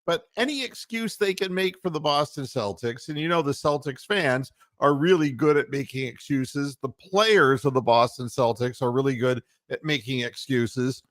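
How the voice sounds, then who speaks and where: A man's voice: medium pitch, normal speed, few pauses, no echo, clean studio sound. A man from Ohio hosting a casual sports talk show, rambling and heated, full of fillers and mocking quotes. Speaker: podcast host.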